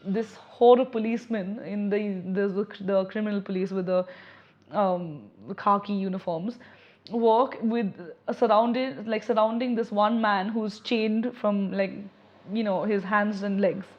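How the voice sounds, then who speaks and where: A young adult woman giving candid personal testimony in an interview, reflective and halting, often restarting her sentences. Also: mid-range voice, steady tone. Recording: slightly dull lo-fi audio.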